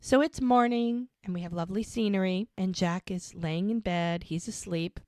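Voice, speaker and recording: A woman's voice: medium pitch, moderate pace, darkish tone, no echo, studio quality. A woman co-hosting a podcast, casually recapping an episode in a chatty, rambling way. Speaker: podcast co-host.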